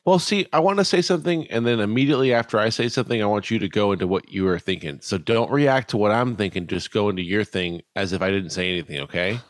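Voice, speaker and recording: Lower-voiced guy on a podcast, chatting casual, dry close sound. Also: quick pace, few pauses, no room sound. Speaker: podcast co-host. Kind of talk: casual chat.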